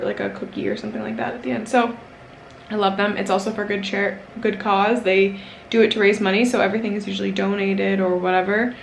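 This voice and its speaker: A woman's voice: fairly high pitch, gravelly, a little hiss or hum. A young woman chatting casually to her camera, rambling with lots of fillers and self-mocking asides. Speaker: vlogger. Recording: roomy echo.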